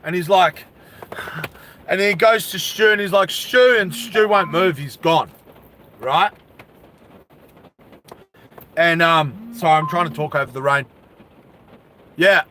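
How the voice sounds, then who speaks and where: Bright-voiced man telling a story. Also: on the high side, slow pace, long pauses, a little hiss or hum. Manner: animated, laughs, asides to viewers. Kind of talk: casual storytime vlog.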